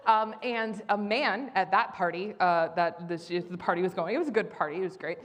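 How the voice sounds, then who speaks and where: A woman's voice: lowish voice, brisk. A woman from the Midwest tells a rambling, self-deprecating story live on stage in a convention hall, full of likes and ums. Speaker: storyteller, player on a comedy game show.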